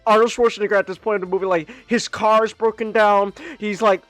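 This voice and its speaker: Sex: man. Role: podcast host. Style: casual chat. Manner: rambling, filler-heavy. Pitch: high for a man. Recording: dry. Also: flat delivery, fast, fairly bright tone, no room sound, soft background music. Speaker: podcast host, virtual streamer.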